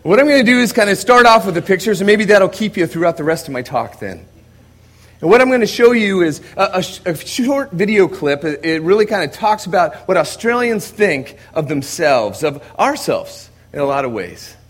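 A man's voice: high-pitched, sing-song, moderate pace. American man preaching, raised voice. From United States. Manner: conversational, swings from quiet asides to loud emphatic preaching. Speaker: visiting missionary preacher. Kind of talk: sermon with storytelling. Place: church service before a congregation.

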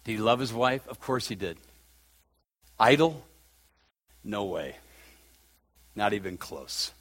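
A man preaching a sermon, swinging from loud, fervent peaks to a soft, emotional hush. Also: lowish voice. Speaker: pastor.

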